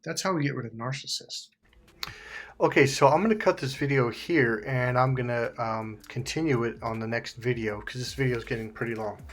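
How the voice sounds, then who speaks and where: A man's voice: mid-range voice, a little fast, fairly bright tone. A man coaching viewers in a vlog, blunt and emphatic, swearing freely and acting out quoted exchanges in shifting voices. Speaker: life coach. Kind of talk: direct-to-camera advice vlog.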